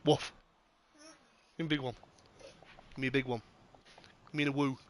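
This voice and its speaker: A man commentating a sim race on a casual live stream, excitable, sweary and jokey. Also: medium pitch, normal speed, slight background noise.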